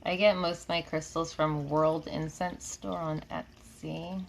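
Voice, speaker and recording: A woman from New York with a slight Southern drawl speaks in a low, gravelly voice. She chats easily with live-stream viewers, answering comments one after another and laughing often. The recording carries a faint hum of room noise. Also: fairly even intonation, measured pace. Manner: chatty, laughs often, drifts between comments. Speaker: reiki healer hosting a live stream. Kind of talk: casual live-stream chat, reading comments. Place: home room with air conditioning.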